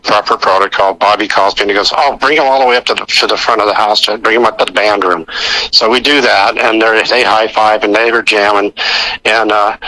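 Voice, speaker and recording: A man's voice: lowish voice, pushed and bright, poor audio. An older man telling rambling anecdotes full of fillers and restarts as a guest in a radio interview. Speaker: actor guest. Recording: radio broadcast recording.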